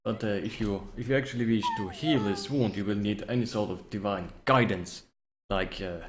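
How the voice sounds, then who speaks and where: A blunt female half-orc healer in a tabletop game, put on by a man, speaking in clipped broken grammar with an odd accent. The voice stays low and plain in an echoey room. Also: lively intonation, moderate pace, noisy background, natural voice. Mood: grim, matter-of-fact.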